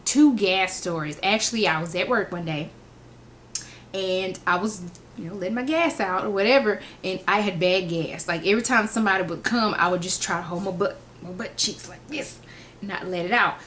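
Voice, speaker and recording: A woman, telling funny personal stories in an animated way and acting out the quotes. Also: mid-range voice, normal speed, a little hiss or hum. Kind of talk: casual storytelling vlog.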